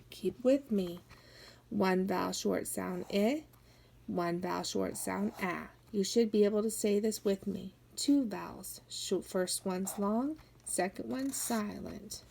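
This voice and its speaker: A woman teaching phonics to young children, sounding out each word slowly and coaxing them to follow along. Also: mid-range voice, vocal fry, a little mellow. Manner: slow, drawn-out sounding-out of words; coaxing, encouraging teacher talk. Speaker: kindergarten teacher.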